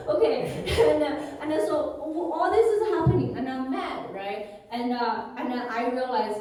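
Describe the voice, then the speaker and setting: A woman from China, speaking with a Chinese accent, performs stand-up and laughs through her stories. Her voice sits high. The sound echoes heavily and comes from far off in the room. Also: measured pace. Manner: animated storytelling with frequent laughter. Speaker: stand-up comedian. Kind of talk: stand-up comedy set. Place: live comedy venue.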